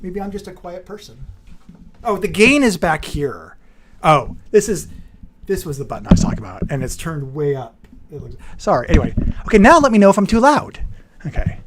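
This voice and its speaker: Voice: medium pitch, sing-song, brisk. A livestream host of a board game show, chatting casually and rambling with frequent self-corrections. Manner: says their voice turns nasal on camera.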